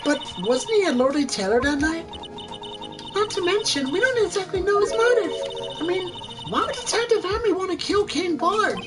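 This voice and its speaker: A woman doing a chirpy, high young female assistant. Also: animated, moderate pace, over loud music. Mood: curious.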